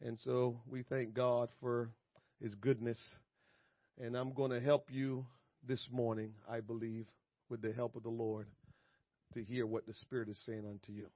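A man's voice: medium pitch, little pitch movement, moderate pace, no room sound. A man preaching a sermon as pastor, emphatic and repetitive, chuckling between points, recorded dry and slightly muffled.

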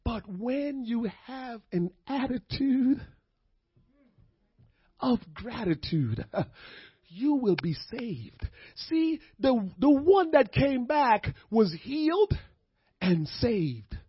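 A man, preaching a sermon to his congregation, dropping to low murmurs and then rising to shouted preaching. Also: very animated, extremely slow, breathy edge, dry recording. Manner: calls out to the congregation. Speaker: pastor. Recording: dull, lo-fi sermon audio.

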